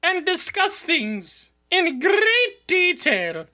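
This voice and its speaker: A woman's voice: extremely high pitch, wildly swooping pitch, extremely slow, bright, forceful tone, voice pushed up, full character voice. A woman putting on a mock British accent as a grandly formal show host, drawn out and sing-song.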